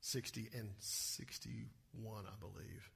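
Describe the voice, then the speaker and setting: A male pastor giving an animated sermon and often asking the listeners rhetorical questions. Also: lowish voice, slow, creaky, husky.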